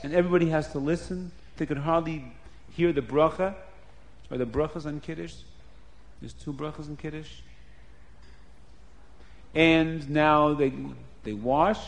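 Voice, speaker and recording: A man's voice: on the high side, fairly even intonation, measured pace, pauses often. A man telling a story aloud in a plain, earnest, repetitive way. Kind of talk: spoken storytelling.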